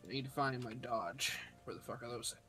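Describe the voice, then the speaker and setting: A man's voice: mid-range voice, fairly quick, sharp tone. A young man playing a tabletop game over a voice call, unsure of the rules, self-deprecating and casually swearing. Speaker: player.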